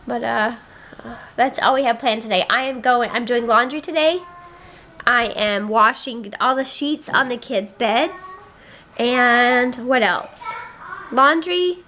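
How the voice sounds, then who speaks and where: A woman's voice: on the high side, takes it slowly, a little hiss or hum. A woman in her thirties, a busy mom, chatting casually to the camera about her day, rambling and fed up with her squabbling kids. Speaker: family vlogger, mom. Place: family home. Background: children squealing and yelling.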